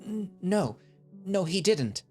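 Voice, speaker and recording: A man's voice: high voice, sing-song, slow pace, darkish tone, faint music behind, voice pushed up, exaggerated voice. A man playing an anxious young man who stammers and pleads in a raised voice. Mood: distressed.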